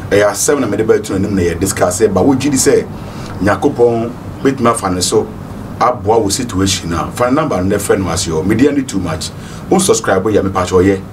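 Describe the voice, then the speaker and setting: A Ghanaian man hosting a talk show, addressing viewers directly in a friendly way. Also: fairly low pitch. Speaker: host. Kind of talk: casual show outro. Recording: distant mic with clear noise.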